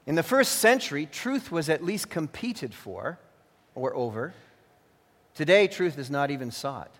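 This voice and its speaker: A male pastor preaches with earnest warnings and also narrates a storybook tale. His voice sits fairly high. A long hall reverb follows every phrase. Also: big pitch swings, unhurried, fairly bright tone. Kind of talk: sermon.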